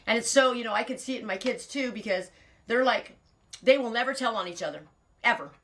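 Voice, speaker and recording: A middle-aged woman hosting a podcast talks fairly quickly in a fairly high, fairly bright voice. Her candid, confessional monologue rambles, and she often interrupts herself to restart mid-sentence.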